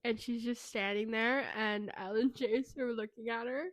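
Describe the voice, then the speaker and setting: A woman co-hosting a book podcast, retelling a plot in casual, profane, animated chat. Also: fairly high pitch, moderate pace, no room sound. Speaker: podcast co-host.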